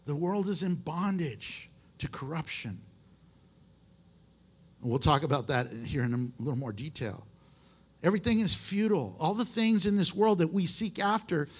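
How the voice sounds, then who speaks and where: High-voiced man preaching a folksy sermon. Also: slightly rough. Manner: emphatic and folksy, with restarts. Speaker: pastor. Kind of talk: conversational sermon.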